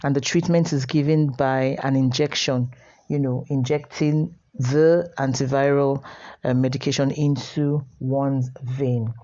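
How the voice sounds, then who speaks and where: A woman teaching an online class from home, measured and repeating key words for her students. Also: rumbling low, fairly even intonation, warm tone, muffled recording. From Nigeria.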